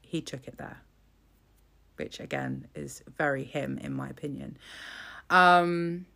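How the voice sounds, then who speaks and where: A woman giving casual, opinionated commentary in a blunt, scornful way, swearing freely and filling pauses with "um". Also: a bass voice, wildly swooping pitch, creaky, sharp tone.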